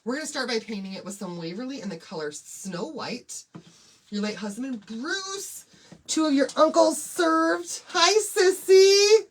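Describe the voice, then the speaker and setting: Hosting a relaxed craft stream, this husky, fairly high-voiced woman chats away in an animated, bubbly manner. She says hello to each viewer individually as she preps her materials, speaking at a moderate pace.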